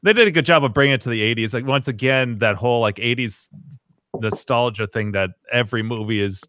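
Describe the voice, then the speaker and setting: A man co-hosting a casual podcast chat, animated and joking, often restarting his sentences. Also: medium pitch, brisk, slight background noise. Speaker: podcast co-host.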